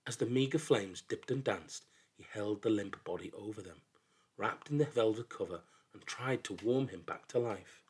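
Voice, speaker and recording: A man narrating a folk tale in an expressive, dramatic storybook reading that drops into hushed lows. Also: normal speed, husky.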